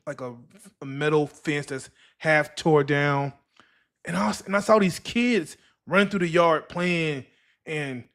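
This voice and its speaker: A man hosting a podcast alone, telling a rambling story full of filler words. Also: fairly high pitch. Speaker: podcast host. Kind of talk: solo podcast talk. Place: live streaming setup.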